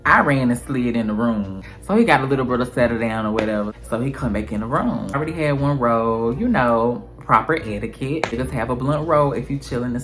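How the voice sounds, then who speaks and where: A woman telling a story in a casual, animated, slangy way, calling her viewers girl and honey. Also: rumbling low, fairly quick, hardly any pauses.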